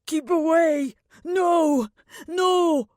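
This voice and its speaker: A woman reading an audiobook voices a terrified male guard who shouts in frantic panic, close to a studio mic. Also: very high voice, very slow, dry recording, voice pushed up, heavily acted.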